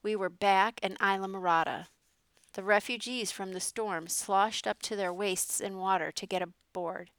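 Smooth, dry-voiced woman reading a story. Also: medium pitch, fairly even intonation, normal speed, a bit bright, no room sound. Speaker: narrator. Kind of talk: storybook narration.

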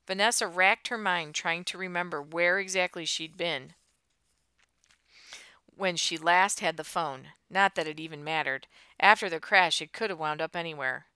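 A woman narrating a tense audiobook in a steady storytelling voice. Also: fairly low pitch, moderate pace, clear, resonant tone, dry recording.

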